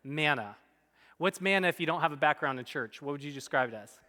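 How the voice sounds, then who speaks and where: Bright-voiced pastor preaching in reverb. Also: male voice, fairly high pitch, fairly quick. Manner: animated and emphatic, dropping to soft, quiet tones. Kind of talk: sermon. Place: church sanctuary. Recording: long reverb in a church hall.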